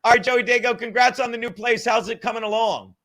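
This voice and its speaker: A man hosting a casual comedy podcast, telling stories in a profane, excitable way, often laughing and breaking into shouts. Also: very high-pitched, fast, no echo, clean studio sound. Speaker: podcast host.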